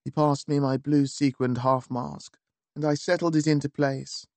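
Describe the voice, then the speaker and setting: A man narrating a first-person story in a wry, measured, theatrical manner. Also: fairly high pitch, flat delivery, a little mellow, no echo. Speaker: audiobook narrator. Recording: dry close studio.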